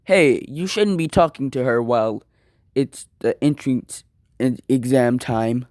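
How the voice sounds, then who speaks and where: Man playing a bossy teen rule-stickler, slow delivery, close dry sound. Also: medium pitch, a little mellow, no echo, natural voice. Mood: scolding. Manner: scolding, uptight. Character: strict, bossy teenage schoolboy.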